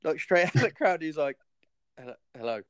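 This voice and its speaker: A man's voice: on the high side, animated, fairly quick, no room sound. A man hosting a podcast, telling crude stories in casual chat and acting out other people's lines. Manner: crude storyteller acting out quotes. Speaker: podcast host and comedian.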